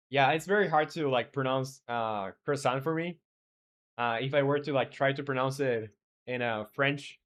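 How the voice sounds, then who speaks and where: A man chatting through a live stream while he builds a game, rambling loosely and stopping often on fillers. He reads viewers' messages out and answers them in the same easy way. His voice sits at a middling pitch. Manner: rambling, reads chat aloud, many fillers. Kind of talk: casual live-stream chat.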